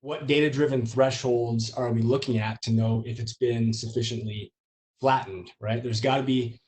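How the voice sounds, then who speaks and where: A man gives a loose, chatty presentation over a video call. His voice sits at an ordinary middle pitch, and he often stops to say um and uh as he talks. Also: moderate pace, slight background noise. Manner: relaxed, many filler ums. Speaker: user group presenter. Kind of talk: conversational presentation.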